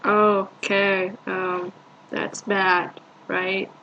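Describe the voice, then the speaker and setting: A woman's voice: medium pitch, flat delivery, drawn-out words, lo-fi sound, background noise. A woman giving casual reaction commentary, hesitant and dismissive, full of fillers. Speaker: reaction video host.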